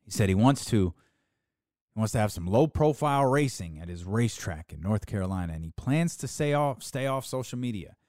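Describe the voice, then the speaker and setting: Podcast host, sarcastic monologue, swooping animated pitch, mocking quotes, close dry mic. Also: no echo. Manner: sarcastic, with mocking put-on quotes and dramatic pauses. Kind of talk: opinionated sports talk monologue.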